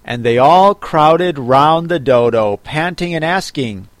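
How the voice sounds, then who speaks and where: A man narrating a storybook audiobook in a measured, expressive way. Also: fairly high pitch, no room sound.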